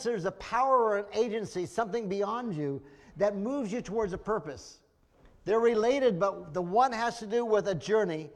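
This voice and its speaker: High-voiced earnest male preacher. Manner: earnest, emotional, with restarts. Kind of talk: sermon.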